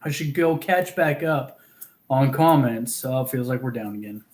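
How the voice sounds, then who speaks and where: A man's voice: medium pitch, moderate pace, darkish tone. A man from Oklahoma hosting a casual fishing livestream, chatting, giggling and reading viewers' comments aloud. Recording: roomy echo.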